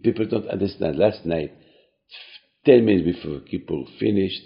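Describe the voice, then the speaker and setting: A man giving an earnest short talk to a congregation, repeating his phrases and restarting halting sentences. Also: low-pitched, vocal fry. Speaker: cantor and speaker. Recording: dull lo-fi recording.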